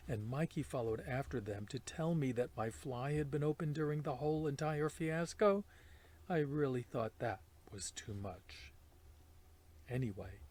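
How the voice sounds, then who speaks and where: A man's voice: mid-range voice, a little mellow, a little hiss or hum. Man reading a children's novel aloud. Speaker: volunteer read-aloud reader.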